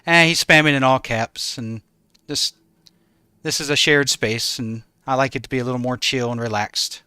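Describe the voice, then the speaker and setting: A man's voice: mid-range voice, fairly even intonation, normal speed, sharp tone, clean tone, no echo, clean studio sound. A man streaming a game from home in regional Australia, easygoing as he greets and thanks viewers by name. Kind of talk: live stream chat with viewers.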